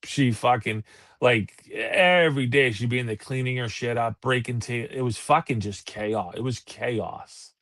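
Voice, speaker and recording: A man, co-hosting a casual talk show and telling profane, animated stories. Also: medium pitch, unhurried, no echo, clean studio sound. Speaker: podcast co-host. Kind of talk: casual chat.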